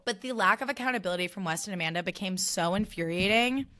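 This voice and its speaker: A woman talks alone into her podcast mic, loose and chatty. She drops in sarcastic asides and leans on filler words as she recaps and rants. Her voice sits at an ordinary middle pitch for a woman. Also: a bit bright. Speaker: podcast host. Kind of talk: casual solo podcast chat.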